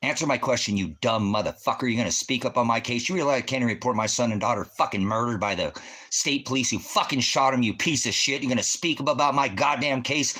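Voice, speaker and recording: A man's voice: mid-range voice, quick pace, bright, forceful tone, breathy edge. A man hosting a livestream, hurling profane, confrontational accusations at a viewer in the chat. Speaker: livestream host, veteran.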